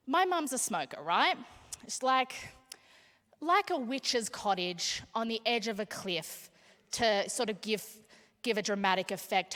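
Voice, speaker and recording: A young woman doing brash, animated stand-up comedy and teasing the crowd from a stage. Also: medium pitch. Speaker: stand-up comic speaker. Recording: long hall reverb.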